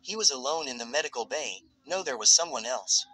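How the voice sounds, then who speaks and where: A man narrates a piece of fan fiction in a steady, even read. His voice sits in a middle pitch with a bright, forward edge. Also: fairly quick, low-quality recording.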